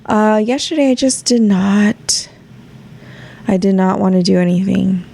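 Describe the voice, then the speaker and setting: A woman's voice: medium pitch, unhurried, gravelly, dark tone. A woman hosting her own podcast, talking to listeners in a candid, rambling way and swearing freely. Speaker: podcast host. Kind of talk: casual solo chat.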